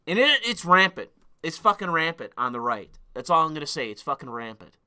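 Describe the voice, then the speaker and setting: A young man hosts a livestream in a profane, heated rant, stumbling into restarts as he goes. His voice sits somewhat high and sounds very bright and crisp. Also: big pitch swings, a little fast. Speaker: livestream host. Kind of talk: ranting livestream monologue.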